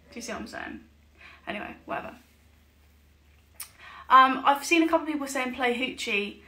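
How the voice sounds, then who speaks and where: A woman's voice: a little high, sharp tone. A woman singer-songwriter, chatting casually between songs from her living room, jokey and self-mocking. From England. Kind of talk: casual chat between songs at a home livestream gig.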